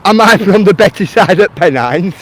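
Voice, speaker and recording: Strolling outdoors through a town by passing traffic, a man from Lancashire, England chats casually with his live-stream viewers, responding to comments and calling them mate. He sounds high-pitched, animated and a bit bright, at a moderate pace.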